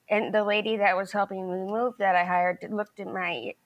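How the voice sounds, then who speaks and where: A woman's voice: medium pitch, fairly quick, hardly any pauses. A middle-aged woman, the plaintiff in a small claims case, telling her story in a rambling way full of restarts and quoted dialogue. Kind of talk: testimony in a televised courtroom.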